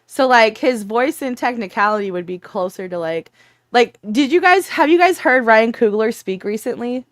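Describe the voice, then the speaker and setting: A woman co-hosting a casual chat, telling animated stories and laughing often. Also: on the high side, normal speed, dry recording, studio quality. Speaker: podcast co-host. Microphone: remote call mic.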